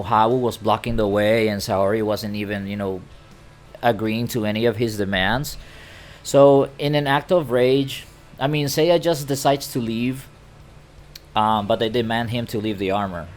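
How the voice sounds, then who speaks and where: A man's voice: mid-range voice, darkish tone. A man casually retelling an anime episode to a camera, chatty and stammering. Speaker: anime recap vlogger. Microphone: talking to a camera.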